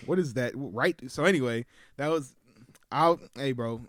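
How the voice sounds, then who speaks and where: A man's voice: mid-range voice, unhurried, dry recording, studio quality. A young man co-hosting a podcast, telling a story casually and acting out the voices of the people in it. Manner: animated storyteller, acts out quotes in varied voices. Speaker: podcast co-host.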